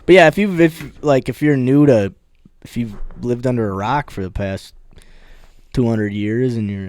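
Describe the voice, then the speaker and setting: A man's voice: medium pitch, normal speed, darkish tone, no echo. A man co-hosting a podcast, chatting casually and rambling with many restarts while he rates a beer. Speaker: podcast co-host.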